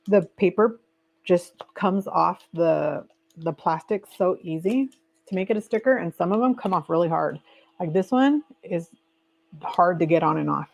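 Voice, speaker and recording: A woman hosting a casual live stream, chatting lazily while she crafts and reads viewer comments aloud. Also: mid-range voice. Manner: relaxed and lazy, trailing off with fillers. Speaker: livestream host. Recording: dull lo-fi stream audio.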